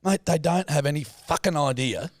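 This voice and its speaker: A stubborn Australian dad barks directions at his son and will not take no for an answer, as his son puts him on. The voice sits higher and louder than the son's own, with a bossy, insistent push. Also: normal speed, no echo, natural voice.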